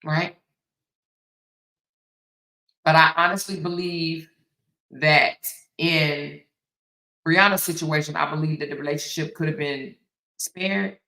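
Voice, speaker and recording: A woman hosts an opinionated commentary monologue, speaking emphatically and repeating her points. She keeps checking in with the listener. Her voice is bright and sounds roomy, with a noticeable echo. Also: sits low, fairly even intonation, slow pace, long pauses. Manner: emphatic, repeats phrases, frequent "right?". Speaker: commentary host.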